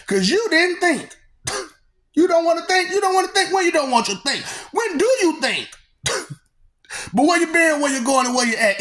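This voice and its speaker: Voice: medium pitch, expressive, a little fast, fairly bright tone. A vlogger ranting to the audience in a rambling, teasing way, laughing often between lines and repeating words in a sing-song manner. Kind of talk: rambling rant to the camera.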